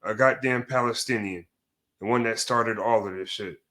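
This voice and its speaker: A man's voice: on the low side, normal speed, sharp tone. A man giving a heated, profane reaction rant as a commentator, cursing and restarting his sentences as he goes.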